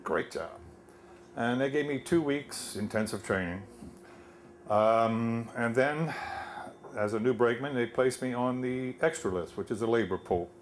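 An older man tells a personal story live on a stage in a wry, conversational way, pausing on fillers. His voice sits at an ordinary pitch, with a faint hum of the room behind him.

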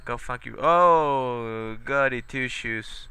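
A man commenting on his own gameplay in a rambling way, full of hesitant fillers and loud cursing at the game. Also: mid-range voice, slow pace, soft background music. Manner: rambling, swearing, yelling at the game. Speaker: let's play gamer. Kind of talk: profane let's play commentary.

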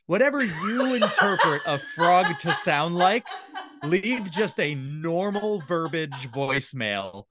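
A man's voice: a little high, big pitch swings, slow, very noisy. A man as a comedian guest on a casual podcast, jokey and giving step-by-step instructions with mock confidence.

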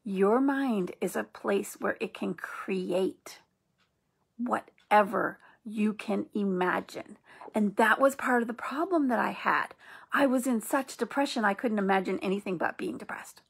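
A middle-aged woman with a gravelly, husky voice gives earnest spiritual encouragement. She talks gently and reassuringly, in an even middle pitch. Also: unhurried. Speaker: host of an inspirational channel.

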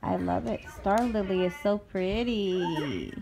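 A woman's voice: medium pitch, takes it slowly, creaky, a crowd in the background. A young woman with a cough, casually vlogging at home on a phone, playful and teasing, dropping Spanish words into her talk. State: sick with a cough. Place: small apartment indoors.

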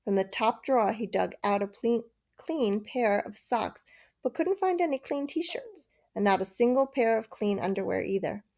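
A woman reading a children's novel aloud, steady and measured. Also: medium pitch. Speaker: narrator. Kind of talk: storybook reading.

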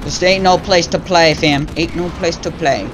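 A man's voice: on the high side, steady tone, moderate pace, fairly bright tone, slight background noise. A young man doing live gameplay commentary for his gaming channel, trash-talking his teammates in slang and getting easily frustrated.

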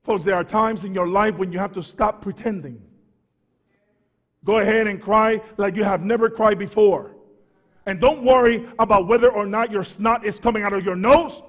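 A man preaching a fervent sermon as pastor, swinging from quiet talk to shouts and stumbling over repeated words. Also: high-pitched, moderate pace, long reverb tail.

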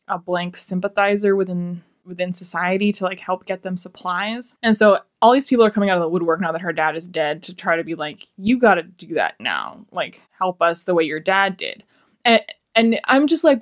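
Exasperated woman ranting about a book. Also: medium pitch. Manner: exasperated, rambling, swears freely. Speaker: book reviewer. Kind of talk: casual book review rant.

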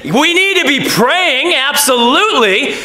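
A man preaching a lively sermon, acting out quoted voices and laughing often. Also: very high-pitched, unhurried, echoey room. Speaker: pastor.

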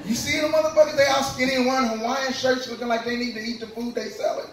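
A man's voice: very high-pitched, fairly even intonation, quick pace, fairly bright tone. A man from Kentucky doing a loose, profane stand-up set in a comedy club. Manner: loose, profane storytelling with punchlines. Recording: very echoey club from far off, noisy. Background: club crowd laughing.

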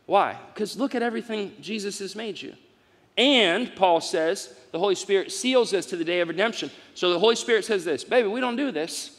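A middle-aged man preaching a live sermon as pastor, swinging from loud exclamations to soft asides. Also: high voice, brisk. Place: large church hall. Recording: long hall reverb.

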